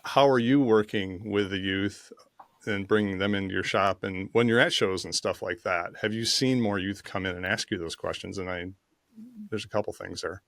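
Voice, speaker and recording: Older male host, low-pitched, dry studio sound, easygoing interviewer. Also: fairly even intonation, moderate pace, a bit bright, no echo. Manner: easygoing, loose, with fillers and affirming asides. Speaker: podcast host. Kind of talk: casual interview chat.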